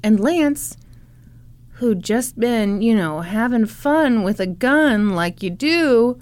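A woman with a fairly high voice telling a true-crime story to her co-host. She talks casually and sarcastically, with laughing asides and the occasional swear word. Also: expressive, slow pace, a little mellow.

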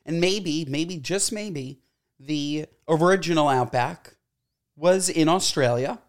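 A man's voice: on the high side, slow pace. A man co-hosting a podcast in casual chat, joking around playfully and bantering back defensively. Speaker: podcast co-host.

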